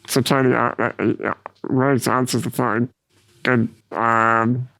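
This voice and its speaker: A man's voice: mid-range voice, flat delivery, takes it slowly, vocal fry, sharp tone, no room sound. A man co-hosting a podcast, recounting a film step by step in casual chat, checking his notes. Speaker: podcast co-host.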